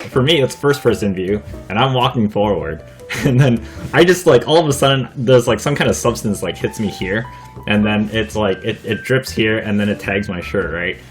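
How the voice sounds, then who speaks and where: A young man hosting a casual vlog, telling a story with frequent laughter, swearing and lots of fillers. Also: fairly low pitch. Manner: laughs often while talking, swears freely; rambling, filler-heavy delivery. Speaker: vlogger.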